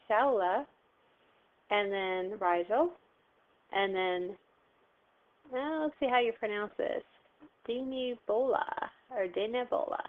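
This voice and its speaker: Woman teaching math on a tinny line. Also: medium pitch. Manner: patient, step-by-step, asks and answers own questions. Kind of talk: recorded video lesson. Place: home, phone heard behind. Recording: tinny phone-like sound.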